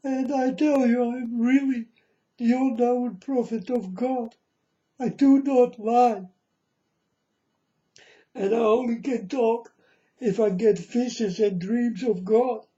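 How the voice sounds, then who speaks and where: A man's voice: very high voice, fairly even intonation, takes it slowly, long pauses, dark tone, lo-fi sound. A man giving an emotional personal testimony in non-native English, earnest and pleading, often calling his listeners folks. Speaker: self-proclaimed prophet.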